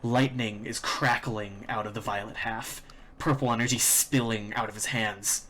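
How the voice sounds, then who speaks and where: A man running a tabletop game as game master, narrating in slow, drawn-out descriptions. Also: lowish voice, steady tone, bright, forceful tone. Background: faint music.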